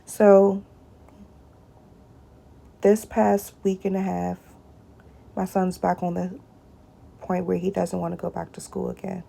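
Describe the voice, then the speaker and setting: A woman's voice: lowish voice, flat delivery, slow, vocal fry, pauses often, mellow. A woman speaking straight to her viewers in a personal video blog, often addressing them directly and repeating short phrases.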